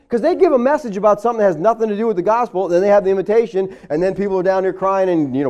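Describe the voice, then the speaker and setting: A man's voice: racing, hardly any pauses, a little mellow. A man preaching a sermon in a conversational way, often checking in with "all right?" and "okay?", and acting out the voices of the people he quotes. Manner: acts out quoted voices with big pitch swings. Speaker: pastor.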